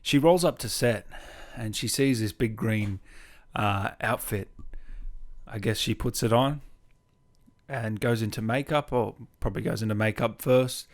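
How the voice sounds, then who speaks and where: A man's voice: on the low side, a little slow. A man co-hosting a casual film review podcast, blunt and scornful, laughing often. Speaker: podcast co-host.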